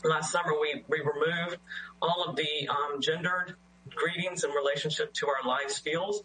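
A man, a company executive, explaining a policy at an internal meeting in a flat manner. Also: fairly high pitch, normal speed, rough recording.

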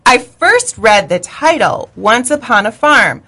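A woman guest on a book-club podcast, telling stories in a lively, rambling way and laughing often. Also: fairly high pitch, measured pace. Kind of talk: casual chat.

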